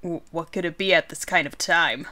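A woman's voice: lowish voice, fairly even intonation, moderate pace, pushed and bright, no room sound. A woman voicing a worried young male traveler in a horror game.

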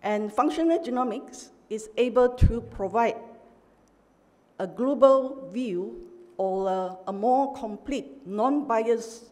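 A middle-aged woman professor giving an academic lecture, measured and emphatic, pausing often with "uh". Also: fairly high pitch, a little mellow. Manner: measured, emphatic, with frequent "uh" pauses. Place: large university lecture hall. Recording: long hall reverb.

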